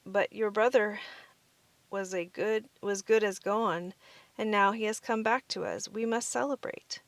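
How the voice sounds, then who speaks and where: A woman voicing a kindly father mouse in a storybook reading, with a warm, fatherly manner. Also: mid-range voice, fairly even intonation, unhurried, dry recording, natural voice. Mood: tender.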